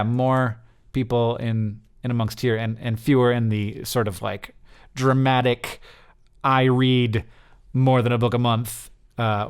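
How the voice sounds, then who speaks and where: A man in his thirties talking casually as host through survey results, rambling with many fillers and restarts. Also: mid-range voice.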